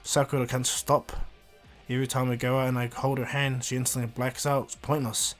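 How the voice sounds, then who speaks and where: A man's voice: medium pitch, level tone, fairly quick, soft background music, close to an everyday voice. A man doing a blunt serious young ninja.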